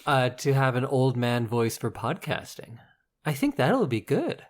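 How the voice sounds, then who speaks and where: A man's voice: mid-range voice, big pitch swings, measured pace. A man hosting a podcast, bantering in a joking, playful way. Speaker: podcast host.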